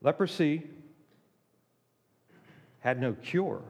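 A man preaching a sermon, emphatic, with dramatic pauses and acted-out quotes. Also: fairly high pitch, lively intonation, vocal fry, darkish tone, in a large hall.

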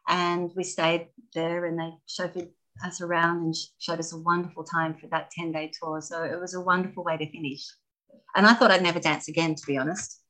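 A middle-aged woman, a former dancer, telling stories as an interview guest, animated and laughing often. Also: fairly low pitch, brisk, low-quality recording. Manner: animated, laughs often, acts out voices in anecdotes. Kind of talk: casual storytelling.

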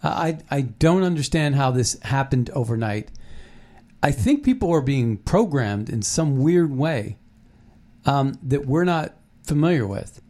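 A man's voice: mid-range voice, very animated, a little slow, a little mellow. A man co-hosting a casual commentary chat, rambling with many fillers and restarts. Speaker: podcast co-host.

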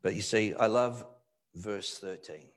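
A male pastor giving a live sermon in church, moving between loud emphatic bursts and low, quiet asides. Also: a little slow. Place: church hall.

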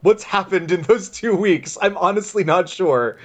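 A man's voice: high-pitched, moderate pace, a bit bright. A man in casual chat with friends, joking, rambling and laughing often.

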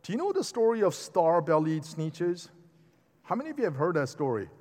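A man preaching a sermon in a lively, conversational way, with asides to the congregation. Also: a little high, a little fast. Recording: long hall reverb.

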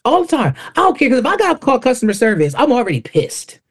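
A man's voice: extremely high pitch, wildly swooping pitch, fast. A man guesting on a podcast, talking candidly in a storytelling way with salty language. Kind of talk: casual interview chat.

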